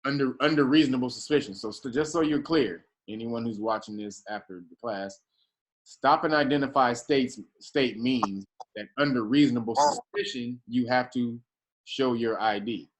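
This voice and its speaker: A man's voice: medium pitch, moderate pace. A man teaching a casual class, talking in slang, often restarting his sentences and stressing his points hard. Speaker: class instructor.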